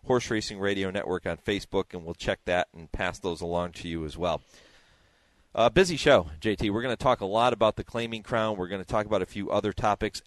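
A man's voice: lowish voice, dry recording. A man hosting a radio show, chatting casually with restarts and asides.

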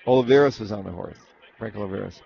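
Here the man's gravelly, mellow voice is on the low side and fast, captured with lo-fi sound. His talk is a casual storytelling interview: rambling anecdotes from training racehorses, full of acted-out quotes and frequent restarts.

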